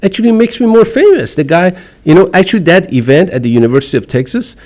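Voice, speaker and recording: A man's voice: high voice, animated, quick pace, a little mellow. A man from Iran with an Iranian accent and broken English, speaking emphatically and outspokenly as a podcast guest. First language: Farsi. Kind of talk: casual conversation.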